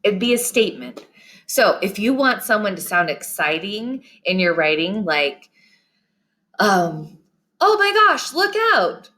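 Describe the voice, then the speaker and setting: A woman teaching young students in a recorded lesson, with a voice a little lower than most women's. She speaks patiently and encouragingly, and she gives her examples a lively, expressive reading.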